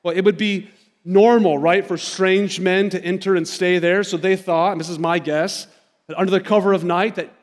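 A man's voice: high-pitched, steady tone, normal speed, long reverb tail. A man in his thirties, a pastor giving a sermon, telling stories in a conversational way and speaking directly to the congregation. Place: church sanctuary.

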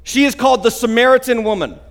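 Male pastor, high voice, lively emphatic sermon delivery, long hall reverb. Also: fast talker. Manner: animated, emphatic preaching with asides.

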